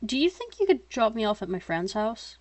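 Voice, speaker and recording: A woman's voice: on the high side, big pitch swings, brisk, no room sound. A woman voicing a restless younger teen brother who speaks in a light, offhand way and grumbles about rules. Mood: asking.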